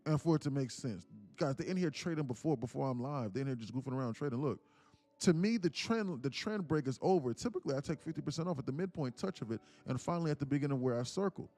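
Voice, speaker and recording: A man's voice: medium pitch, lively intonation, fast, mellow, soft background music. A man hosting a live trading stream and mentoring viewers, talking in a rambling, slangy way with many restarts. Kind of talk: casual live-stream talk.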